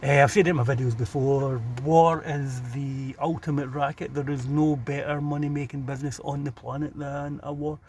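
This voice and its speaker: This Scottish vlogger has a mid-range, slightly mellow voice with a level tone, talking at a moderate pace with hardly any pauses. In his Glasgow accent he casually, sardonically rants to camera about the street he's filming outdoors by a city road. A little hiss or hum is present.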